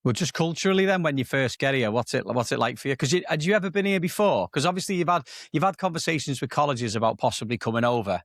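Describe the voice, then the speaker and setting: A man's voice: mid-range voice, lively intonation, fast talker, few pauses, fairly bright tone, no room sound, clean studio sound. A man from England hosting a podcast, asking curious questions in casual chat. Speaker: podcast host.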